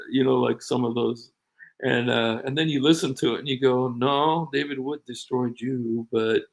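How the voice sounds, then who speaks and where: A middle-aged man hosting a casual livestream chat, rambling and animated with frequent laughs. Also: mid-range voice, creaky, low-quality recording. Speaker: show host.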